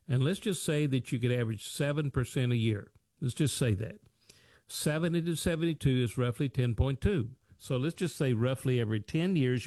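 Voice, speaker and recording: A man's voice: medium pitch, mellow, no echo, studio quality. An American man hosting a financial advice talk show, talking in a folksy, repetitive way with old sayings and rhetorical questions. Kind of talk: radio-style talk show monologue.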